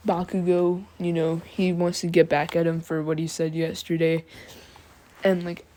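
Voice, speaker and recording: A woman's voice: lowish voice, monotone, moderate pace, dark tone. Sleepy, slangy woman telling a fan story. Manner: slangy and drawling, many fillers. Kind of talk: casual rambling fan-fiction storytelling.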